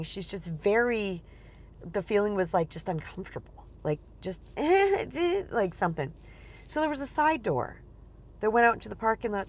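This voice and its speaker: A woman coach talking casually on a livestream, chatty and digressive, telling personal stories with animation. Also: medium pitch. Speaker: relationship coach.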